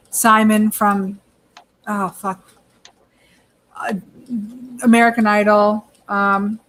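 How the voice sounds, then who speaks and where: A woman co-hosting a casual beauty review, chatty, laughing often and swearing freely. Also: mid-range voice. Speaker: beauty channel co-host. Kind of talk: casual chat product review.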